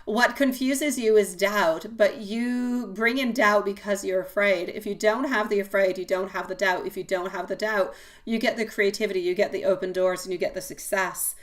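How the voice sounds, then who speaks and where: A woman's voice: medium pitch, steady tone, moderate pace. Encouraging woman reading tarot live. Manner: encouraging, affectionate pep talk with pet names. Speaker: tarot reader.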